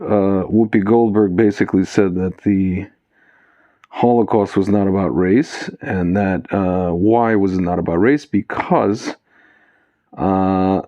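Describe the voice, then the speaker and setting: Low-voiced man rambling to his viewers. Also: warm tone, no room sound, muffled recording. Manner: talks to viewers as "guys", many fillers, loose and digressive. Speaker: video commentator. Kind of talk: casual spoken commentary to camera.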